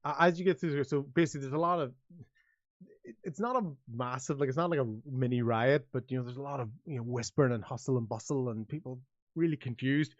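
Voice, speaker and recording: A man's voice: mid-range voice, fast talker, no echo, lo-fi sound. A man narrating a tabletop game as game master, rambling with many restarts. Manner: rambling, full of restarts, voicing many characters.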